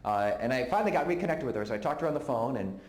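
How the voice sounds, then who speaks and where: A man's voice: mid-range voice, animated, very fast, a little mellow. Storytelling man in a roomy hall. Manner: storytelling, acts out quoted voices. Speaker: speaker at a conference. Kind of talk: talk to a live audience. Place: conference hall.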